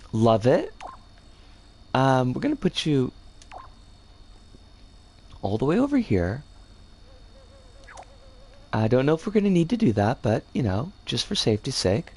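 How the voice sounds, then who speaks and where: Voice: mid-range voice, sing-song, a little slow, pauses often, a little mellow, slightly rough. A game streamer talking casually while building a level, chatting with viewers and often stopping to correct themselves. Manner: rambling, chats with viewers and reads chat aloud; self-correcting, trips over words.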